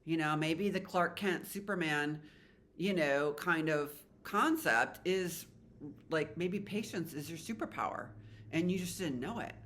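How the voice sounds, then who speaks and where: Tarot reader, woman, rambling and heartfelt, bright clear tone. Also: low-pitched, lively intonation, unhurried, slight background noise. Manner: chatty, rambling, emotional, spiritual. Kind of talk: casual tarot reading to viewers.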